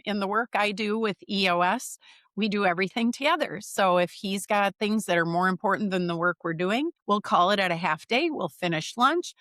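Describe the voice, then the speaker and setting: Middle-aged woman coach from the Midwest, lively storyteller, dry close mic. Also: mid-range voice, normal speed, no echo. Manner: animated, acts out quoted dialogue. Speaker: leadership coach. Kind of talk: conversational storytelling.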